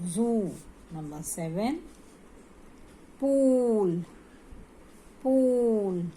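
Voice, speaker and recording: A woman's voice: mid-range voice, mellow, big-room sound, a little hiss or hum. A woman with an Indian accent teaching phonics to young children, spelling words out letter by letter and stretching the vowel sounds. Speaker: kindergarten teacher.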